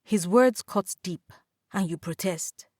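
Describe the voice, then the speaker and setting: A woman narrating a story in the second person, measured and calm. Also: fairly low pitch, dry recording, studio quality.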